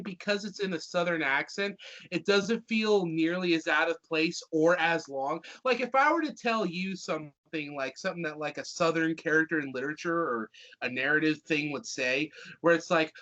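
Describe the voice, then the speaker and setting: A man's voice: fairly high pitch, pushed and bright, muffled recording. A young man co-hosting a casual review chat, joking and rambling, with crude asides. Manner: joking, rambling, profane, drops into put-on voices. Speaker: podcast co-host.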